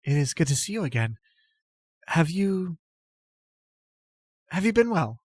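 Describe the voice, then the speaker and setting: A man voicing a timid, polite young noblewoman who hesitates with soft ums. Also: on the high side, sing-song, unhurried, slightly rough, no echo, studio quality, voice pushed up, full character voice. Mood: nervous, polite.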